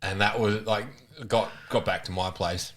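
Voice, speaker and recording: A lower-voiced Australian man tells rowdy stories as a podcast guest. He swears constantly and talks in a loose, relaxed way. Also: moderate pace. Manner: swears freely, animated storyteller. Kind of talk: casual chat, storytelling.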